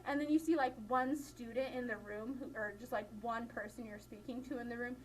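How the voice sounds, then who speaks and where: Young female lecturer, high voice, chatty, giggles often, faint room noise. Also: steady tone, fairly quick, low-quality recording. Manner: chatty, laughs often, many "like" fillers. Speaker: college instructor. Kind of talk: classroom lecture. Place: classroom.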